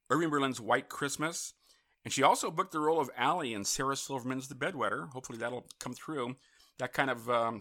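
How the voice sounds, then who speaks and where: A man hosting a live talk radio show from a studio, chatty and upbeat, with quick asides and self-amused jokes. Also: mid-range voice, pushed and bright. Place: Los Angeles studio.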